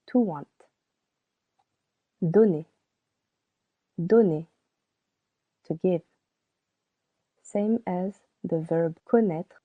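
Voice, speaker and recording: A woman giving a scripted language lesson, speaking slowly and deliberately and repeating each word for learners to copy. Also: on the low side, no echo. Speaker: French teacher. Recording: dry, tinny phone-like sound.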